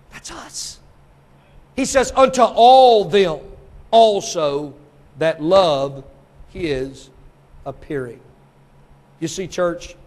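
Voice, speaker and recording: A man preaching a sermon, swinging from quiet teaching to shouted exhortation. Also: a little high.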